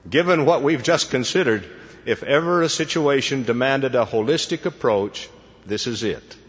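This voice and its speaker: A man, a church leader, giving a formal devotional address to students in a measured, deliberate manner. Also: mid-range voice, slightly rough. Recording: dull lo-fi recording with long hall reverb.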